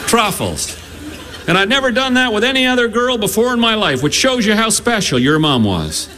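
A man's voice: sits high, sing-song, moderate pace, pushed and bright, pitched above the performer's own voice, full character voice. A man voicing a flustered, kindly middle-aged father who stammers and restarts his sentences.

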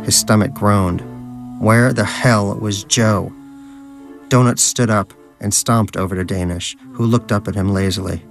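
A man with a low voice reads a story aloud in a dry, wry tone. Soft music plays faintly underneath. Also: fairly even intonation, measured pace, creaky. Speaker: narrator. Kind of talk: scripted narration.

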